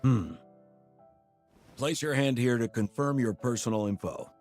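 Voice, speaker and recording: A man's voice: mid-range voice, darkish tone, faint music behind, close to an everyday voice. A man voicing a formal, stern male commander who hands out badges in a game. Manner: formal, measured. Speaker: ceremony official in a game.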